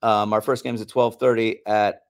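A man co-hosting a podcast, telling a long story in a heated, animated way and swearing often. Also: fairly low pitch, normal speed. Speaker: podcast co-host. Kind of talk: casual storytelling.

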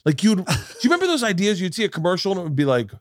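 Recorded in studio quality with no echo, this man hosts a podcast and talks at a racing pace. He tells stories conversationally, animatedly acting out quotes with large pitch leaps.

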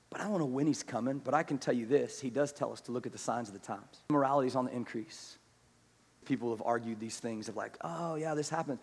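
A man preaching a sermon who moves from hushed, slow scripture reading to loud, rapid exhortation and has the congregation repeat words after him. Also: on the high side, breathy edge. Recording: long hall reverb.

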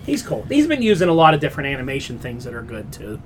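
A man co-hosting a pop culture podcast, talking in an opinionated, animated way and swearing casually. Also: mid-range voice, quick pace, slight background noise. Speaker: podcast co-host.

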